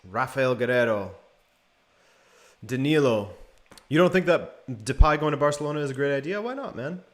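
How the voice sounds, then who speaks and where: A man's voice: mid-range voice, moderate pace. A young man hosting a live watch-along stream, calling the play and answering chat. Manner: relaxed play-by-play mixed with chat replies. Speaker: live stream host commentating a match.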